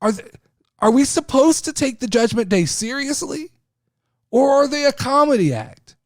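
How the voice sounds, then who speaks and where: A man hosting a casual wrestling talk show, speaking in an animated, profane way. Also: extremely high pitch, moderate pace, no echo, clean studio sound. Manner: animated, profane, mimics people he talks about. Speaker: podcast host.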